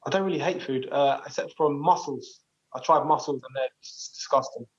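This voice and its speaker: A man in his twenties, a footballer, answering interview questions in a relaxed, modest, hesitant way. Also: mid-range voice, a little fast, muffled recording. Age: 20s. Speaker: professional footballer.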